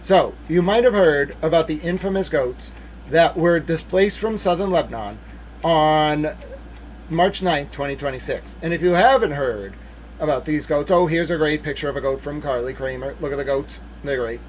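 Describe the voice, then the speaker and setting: There's slight background noise as a man with a fairly high voice hosts a relaxed livestream at a normal pace. Going over documents, he jokes playfully with viewers in the chat, staying chatty and turning emphatic in moments of excitement.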